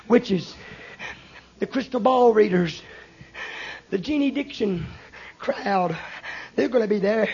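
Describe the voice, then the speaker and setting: A man preaching a fiery hellfire sermon, calling listeners "friend" and rising into shouts. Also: very high-pitched. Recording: dull lo-fi recording.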